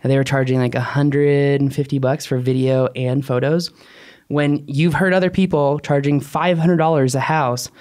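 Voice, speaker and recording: A man co-hosting a casual podcast discussion, animated, his pitch jumping up, laughing often. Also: moderate pace. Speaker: podcast co-host, drone pilot.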